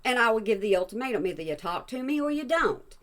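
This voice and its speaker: A woman's voice: fairly high pitch, very animated, quick pace, a bit bright. A woman hosting a reaction channel, talking back to a clip in a blunt, exasperated way. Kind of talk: reaction commentary.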